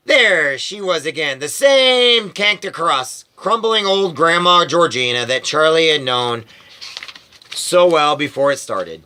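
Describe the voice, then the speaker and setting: A man reading a storybook aloud as a parent, in lively storytelling narration. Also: fairly high pitch, unhurried, clean tone.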